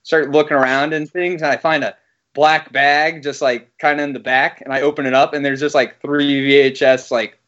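A man's voice: fairly high pitch, little pitch movement, normal speed, fairly bright tone. A young man casually chatting on a podcast, crude and joking and swearing freely. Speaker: podcast co-host. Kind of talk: casual chat. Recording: slightly dull sound.

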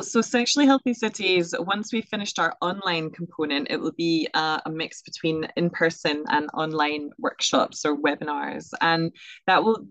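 Young female educator, casual interview guest, quick filler-heavy delivery, dry room. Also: on the low side, a bit bright, dry recording, poor audio. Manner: chatty, quick, many fillers and laughs.

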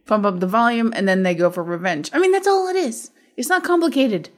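A woman's voice: a little high, lively intonation, brisk. A woman from the Midwest, co-hosting a movie podcast in chatty, teasing conversation. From American Midwest. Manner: laughing often, chatty and teasing. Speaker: podcast co-host. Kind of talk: casual movie podcast chat.

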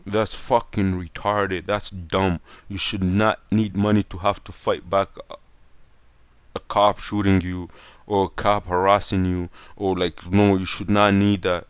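Low, flat-voiced young man ranting. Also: unhurried, clear, resonant tone, dry recording. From Canada. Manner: blunt, profane, repeats "like" and "fam". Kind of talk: casual opinion rant.

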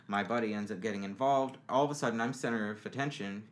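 A young man appears as a guest on a podcast, telling stories in a casual chat full of rambling, swearing, and fillers. His voice is on the low side and he talks fast.

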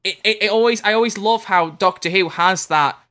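Fast, bright-voiced chatty man. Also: high-pitched. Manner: rambling, animated, quick talker. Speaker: podcast co-host. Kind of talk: casual chat.

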